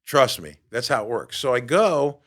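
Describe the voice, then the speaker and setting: New guy on his podcast, telling a story, acts out what people said, mid-pitched voice. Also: normal speed. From New York. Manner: animated, acts out quoted dialogue. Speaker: podcast host. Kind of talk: storytelling monologue.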